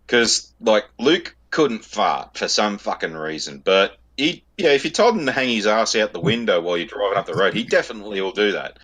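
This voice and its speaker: An Australian man with a lowish, bright voice spins rude anecdotes in loose podcast banter. He swears all the time and talks in a relaxed, rambling way. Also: a little fast, few pauses, breathy edge. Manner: crude, swears constantly, laughs at his own stories. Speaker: podcast co-host. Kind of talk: casual storytelling banter.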